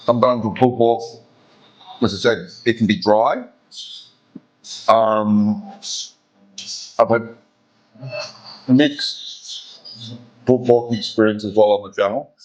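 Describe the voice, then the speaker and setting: A man's voice: lowish voice, takes it slowly, pauses often, dull audio, slight background noise. A man reviewing food at a restaurant table, speaking casually and humming as he savors each bite, recorded on a camera set on the table. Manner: relaxed, savoring each bite with frequent hums. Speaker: food vlogger. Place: indoor restaurant. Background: faint background music.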